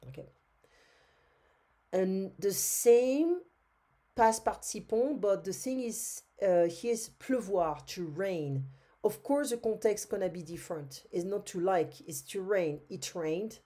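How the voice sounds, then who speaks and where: A French woman with a French accent teaching a grammar lesson, slow and patient, with many "euh" fillers and repeated words. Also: fairly low pitch, warm tone.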